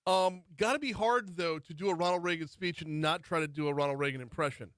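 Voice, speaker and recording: A man's voice: fairly high pitch, quick pace, fairly bright tone, dry recording. A radio talk show host in his forties from Louisiana, interviewing a guest in an easygoing, chatty way. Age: 40s. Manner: easygoing and chatty, laughs easily.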